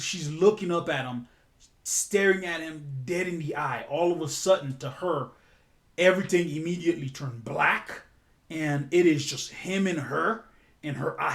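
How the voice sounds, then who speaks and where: Slow, rambling male storyteller. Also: fairly high pitch, a bit bright. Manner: rambling, fillers and self-corrections, swears. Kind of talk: casual improvised storytelling.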